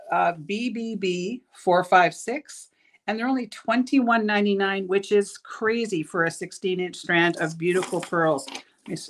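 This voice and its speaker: Sounding tired and tripping over words, a middle-aged woman from Canada chats through a casual live showcase of beads from her shop. She has a lowish, fairly bright voice.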